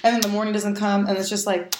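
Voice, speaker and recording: A woman's voice: medium pitch, fast talker, slight background noise. A young adult woman, a podcast guest, telling casual stories with lots of laughing, swearing and acted-out dialogue. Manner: animated, acts out dialogue, swears freely, laughs often. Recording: echoey room.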